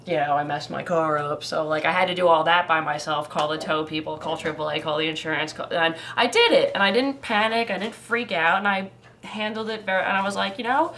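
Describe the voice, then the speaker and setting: A woman's voice: low-pitched, steady tone, a little fast, fairly bright tone, slight background noise. A woman in her twenties speaking in a documentary interview, emphatic and casual, filling her speech with "like" and swearing when she gets upset. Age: 20s.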